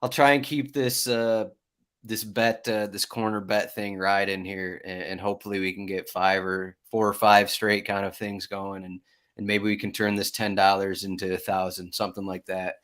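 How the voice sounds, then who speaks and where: A man's voice: low-pitched, little pitch movement, moderate pace, fairly bright tone. A man hosting a sports betting podcast, chatty and upbeat as he asks questions and plugs the website. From Michigan. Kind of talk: casual chat.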